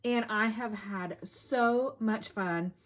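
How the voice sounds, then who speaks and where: A woman's voice: on the high side, slow pace. A middle-aged woman hosting a casual crafting vlog, chatty and self-deprecating, with plenty of fillers as she walks through a finished project. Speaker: crafting channel host.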